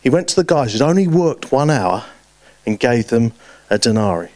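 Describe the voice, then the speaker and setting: A man preaching a sermon, telling stories with lively swings between loud and hushed delivery. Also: medium pitch, moderate pace, no echo.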